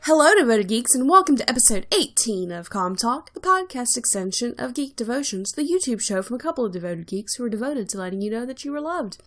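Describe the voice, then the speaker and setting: A cheerful woman welcomes listeners as a podcast co-host. Her voice sits slightly high and bounces lively through each phrase, with an excitable, friendly delivery. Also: fast talker, few pauses, soft background music. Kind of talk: casual podcast chat.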